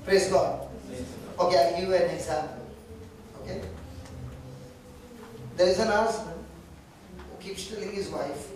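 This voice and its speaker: Man preaching in a high voice. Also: normal speed, long pauses, a little mellow, slightly rough. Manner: conversational, teasing, asks the congregation questions. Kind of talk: sermon. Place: church meeting.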